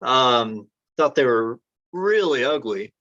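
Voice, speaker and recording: A man in a casual interview, spinning rambling stories and acting out what others said. His voice sits at an ordinary pitch. The recording is dry and a little dull, like a modest lo-fi setup. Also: lively intonation, takes it slowly, sharp tone, dry recording. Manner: rambling anecdotes, acts out quoted dialogue. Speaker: entrepreneur guest.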